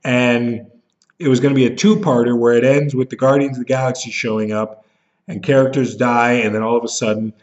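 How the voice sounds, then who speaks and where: Angry man ranting into a webcam, bitter and profane, mid-pitched, slightly dull lo-fi audio. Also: level tone, brisk. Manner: bitter, profane, jumps into mocking voices when he is upset. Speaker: vlogger. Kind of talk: angry rant to camera.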